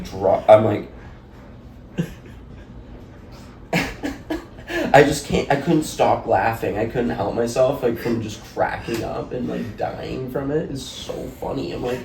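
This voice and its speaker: A man's voice: mid-range voice, vocal fry, darkish tone. A young man, a podcast guest, telling a loose, rambling story with lots of "like" and laughter. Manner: rambling, laughing, heavy use of "like". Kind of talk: casual storytelling. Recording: echoey room, distant mic, faint noise.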